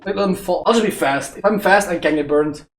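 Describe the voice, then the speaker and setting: A young Belgian streamer chats with his live-stream audience while cooking in his home kitchen. He's excitable, swears often and bursts out loudly without warning. His voice sits high and moves a little fast, and the kitchen is echoey with faint music playing.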